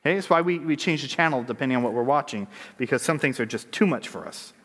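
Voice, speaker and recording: A man's voice: medium pitch, animated, fast talker, a bit bright, husky. A man preaching a sermon, reading scripture aloud and then unpacking it with conversational asides and rhetorical questions. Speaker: pastor. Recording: long hall reverb.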